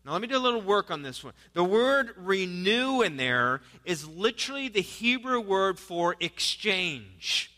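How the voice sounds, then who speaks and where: A man's voice: high-pitched, sing-song, unhurried, hardly any pauses, sharp tone. A man preaching a sermon as pastor, talking conversationally and asking his listeners rhetorical questions. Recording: live sermon with long hall reverb.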